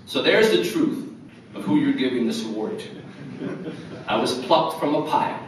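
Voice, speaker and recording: A man's voice: medium pitch, animated, normal speed, long pauses, slight background noise. A man in his fifties giving an earnest award acceptance speech with wry humor. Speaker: award recipient. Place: large hotel ballroom. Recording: echoey ballroom from far off.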